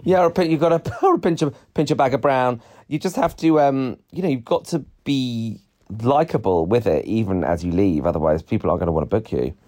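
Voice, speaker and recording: A man co-hosting a casual show review, animated, swearing and laughing as he talks. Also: a little fast, no room sound. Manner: animated, swears and laughs, swoops high in surprise. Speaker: podcast co-host.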